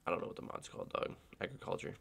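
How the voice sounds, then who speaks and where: Freshly awake, a young man with a nasal, fairly bright voice talks very fast while playing a game for his video channel. He jokes to himself, tossing out asides and goofy voices in a casual way.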